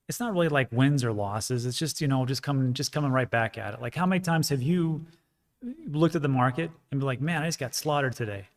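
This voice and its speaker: A man hosting a casual livestream, chatting frankly and rambling as he reads out viewer comments, with frequent fillers. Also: mid-range voice. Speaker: crypto livestream host.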